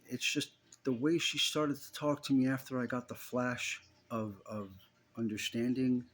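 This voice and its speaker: A man's voice: mid-range voice, level tone, a little slow, fairly bright tone. A man telling a personal story straight to the listener in an intense, emphatic way, often repeating himself.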